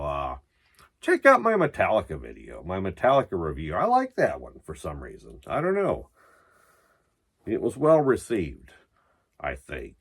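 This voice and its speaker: A man vlogging about metal while drunk and high, rambling loosely and swearing as he talks. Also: a bit bright, husky. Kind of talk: rambling casual vlog.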